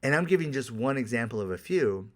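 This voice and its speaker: A man's voice: mid-range voice, lively intonation, fairly quick. A man who works as a life coach, giving a candid, profane, conversational solo monologue on a podcast.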